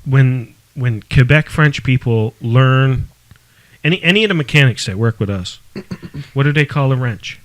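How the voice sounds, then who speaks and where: A man's voice: mid-range voice, unhurried, no echo, rough recording. Easygoing man in a dry-sounding recording. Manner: relaxed, agreeable, frequent "yeah". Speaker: podcast co-host. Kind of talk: casual chat.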